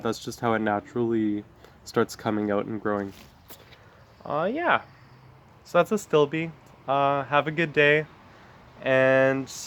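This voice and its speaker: A man's voice: medium pitch, fairly bright tone, slight background noise. A man in a backyard garden, giving a casual, rambling vlog with lots of fillers and friendly asides. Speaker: gardening vlogger. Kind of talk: casual outdoor plant talk.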